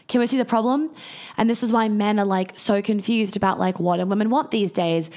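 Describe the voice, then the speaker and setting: A woman's voice: medium pitch, a little fast, warm tone. Blunt woman talking casually to viewers. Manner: candid, swears often, storytelling.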